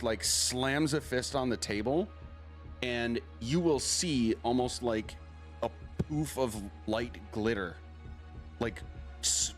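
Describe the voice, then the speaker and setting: A man narrating a tabletop game as game master, loud and excitable, often breaking into laughter. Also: mid-range voice.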